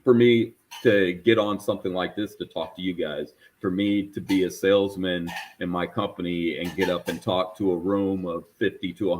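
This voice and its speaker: A man's voice: low voice, a little hiss or hum. A man talking casually on a podcast panel about cosplay, rambling with fillers and restarts.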